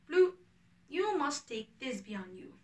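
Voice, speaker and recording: A woman's voice: sits high, very animated, slow, distant mic, exaggerated voice. Peter Quince, a fussy play director, read by a woman. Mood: bossy. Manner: orderly, reads out names and parts. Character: fussy male carpenter directing a village play. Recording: echoey room, away from the mic.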